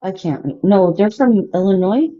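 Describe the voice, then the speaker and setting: A woman calling in to a live show, speaking slowly and hesitantly. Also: mid-range voice, lo-fi sound. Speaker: caller.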